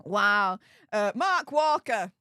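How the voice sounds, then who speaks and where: A woman's voice: medium pitch, big pitch swings, slow pace, bright, forceful tone, clear, resonant tone, no room sound, studio quality. A woman hosting a live stream, reading out super chats and thanking viewers over and over in a bubbly way. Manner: bubbly, repeats thanks many times.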